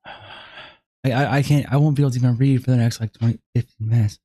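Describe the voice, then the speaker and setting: A man's voice: mid-range voice, steady tone, a little fast, dark tone. A man live-streaming in casual talk, exhausted and struggling to speak, exasperated, with heavy sighs and swearing.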